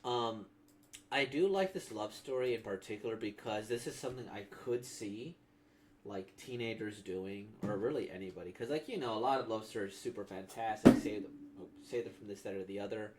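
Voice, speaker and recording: A man's voice: fairly low pitch, brisk, noisy background. A man reacting to a comic he has just read, talking casually in a rambling way full of fillers. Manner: rambling, filler-heavy talk. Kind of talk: casual commentary.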